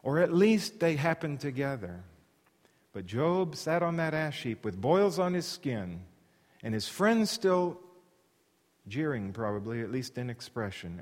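A man preaching a sermon in an earnest, emphatic way, sometimes restarting his phrases. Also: medium pitch. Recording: long hall reverb.

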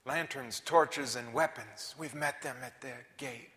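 Man, preacher, sermon, dramatic shouts and whispers, bright forceful voice, echoing hall. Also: medium pitch, measured pace. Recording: reverberant hall.

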